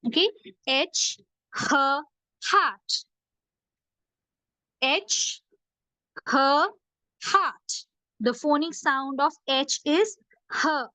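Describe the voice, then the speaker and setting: With a sharp, high voice, this woman speaks extremely slowly and leaves long pauses, in a recording without echo. She teaches phonics to young children, patiently drilling the letter sounds through slow, repeated practice.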